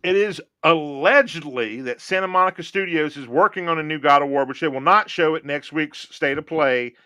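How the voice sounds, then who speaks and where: Man, podcast host, casual chat, rambling and joking, bright tone, dry recording. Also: fairly high pitch, normal speed, clear, resonant tone, no echo. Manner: joking, rambling, thinks aloud.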